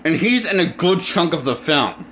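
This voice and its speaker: A man's voice: a little high, expressive, normal speed, fairly bright tone, slight background noise. A man reviewing a movie in a casual, rambling rant, full of restarts and blunt, exasperated complaints. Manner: rambling, with frequent restarts and fillers. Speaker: movie critic.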